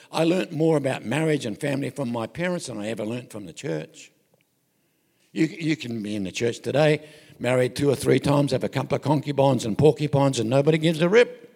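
A man's voice: mid-range voice, creaky, darkish tone, slightly rough, long reverb tail. An older man with an Australian accent preaching a folksy, joking, anecdotal sermon, often breaking off mid-thought. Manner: folksy and joking, with self-interruptions.

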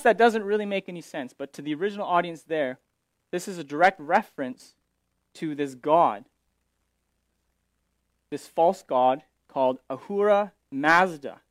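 A man's voice: high-pitched, animated, moderate pace, no room sound. Man preaching a casual sermon. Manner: explanatory, paraphrasing scripture with frequent restarts. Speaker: pastor.

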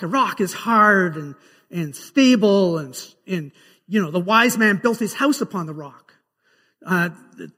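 A man's voice: high-pitched, fairly bright tone, husky, in a large hall. A man preaching a sermon, retelling scripture scenes as a vivid story. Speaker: pastor. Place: church sanctuary.

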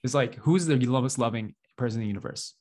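A man's voice: medium pitch, quick pace, a little mellow. A young man co-hosting a podcast, chatting casually, rambling with lots of fillers and little laughs. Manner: rambling, self-deprecating, laughs often, many fillers. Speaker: podcast co-host.

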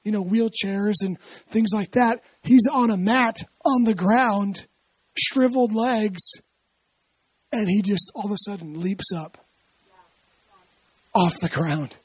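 A preacher with a husky voice delivers a casual, storytelling sermon and keeps checking in with the listener through rhetorical questions. The sound is dry and close, with no room echo. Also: medium pitch, takes it slowly, long pauses. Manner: asks frequent rhetorical questions; explains scripture in a chatty, storytelling way. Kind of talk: conversational sermon.

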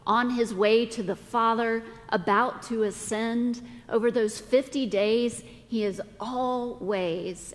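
Middle-aged woman pastor, slow measured sermon delivery, long church-hall reverb. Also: a little high, fairly even intonation. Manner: slow, deliberate preaching with dramatic pauses. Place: church sanctuary.

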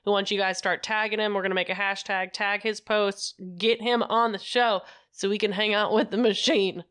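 A woman's voice: medium pitch, flat delivery, normal speed, a bit bright, clear, resonant tone. Woman podcast co-host, casual and profane, rambling anecdotes, mid-range voice. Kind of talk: casual chat.

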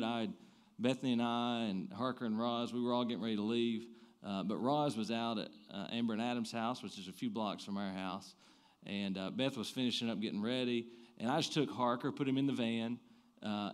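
Animated pastor preaching. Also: male voice, medium pitch. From American South. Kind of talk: sermon.

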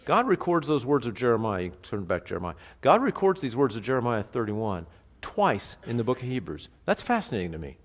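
A pastor teaching a sermon in a conversational, animated way, asking the congregation rhetorical questions. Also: male voice, mid-range voice, brisk, hardly any pauses, long reverb tail.

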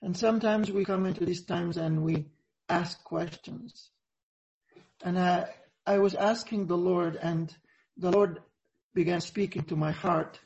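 Male preacher, high-pitched, earnest and halting, dull lo-fi video-call sound. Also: fairly even intonation, gravelly, a little mellow. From Egypt. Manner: earnest, reflective, halting with frequent pauses. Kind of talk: sermon over a video call.

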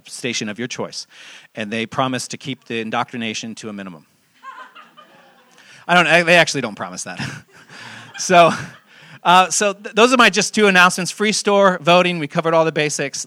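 A young man, a pastor, giving a relaxed, joking sermon with lots of fillers and restarts, asking the congregation questions. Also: on the high side, dry recording, studio quality. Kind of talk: casual sermon with audience interaction. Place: church hall. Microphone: handheld mic.

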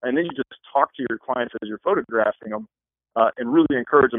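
Fast-talking man on a phone line. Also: medium pitch, no room sound. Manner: fast, rambling with many restarts. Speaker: wedding photographer. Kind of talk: interview answers.

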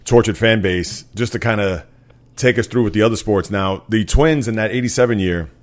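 A man's voice: on the low side, moderate pace. A man hosting a sports podcast, talking casually and at length with lots of fillers. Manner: rambling, filler-heavy, frequent "uh". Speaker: podcast host.

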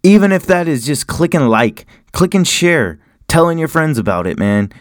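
A man's voice: a little high, animated, normal speed, no room sound, clean studio sound. A man hosting a podcast, plugging it in a hyped, emphatic way. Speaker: podcast host. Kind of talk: promotional podcast outro.

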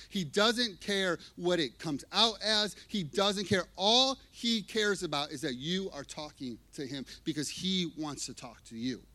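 A man preaching a sermon, animated and emphatic, shifting between hushed and loud delivery. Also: on the high side. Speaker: pastor. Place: church.

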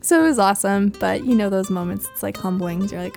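A woman's voice: medium pitch, brisk, creaky, a little mellow, soft background music. A woman in her thirties hosting a casual solo podcast, chatting and telling stories about her kids, laughing often. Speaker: podcast host.

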